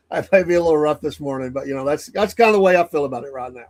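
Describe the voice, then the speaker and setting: A man's voice: fairly high pitch, darkish tone. A man with a somewhat raised voice hosts a morning show and talks straight into a studio mic. He is blunt and heated, rambles, and often restarts his sentences. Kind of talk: opinionated solo commentary.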